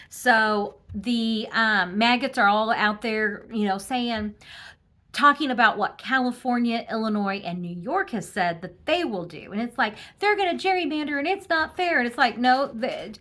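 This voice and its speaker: A woman's voice: on the high side, measured pace, pushed and bright. Snarky woman giving a tarot reading. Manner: snarky, laughing, with frequent ums and restarts. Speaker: tarot reader. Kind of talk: casual political tarot commentary.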